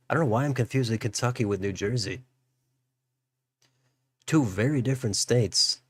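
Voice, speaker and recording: Male host, low voice, dry close sound, musing live election commentary. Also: no room sound. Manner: musing aloud, thinking through results. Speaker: political livestream host.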